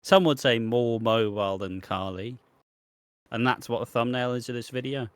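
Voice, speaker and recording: Chatting casually about wrestling as a podcast co-host, this man speaks at normal speed in a clear, resonant, mid-range voice. He's relaxed, curses freely and lets sentences trail off into ums, captured in a dry recording.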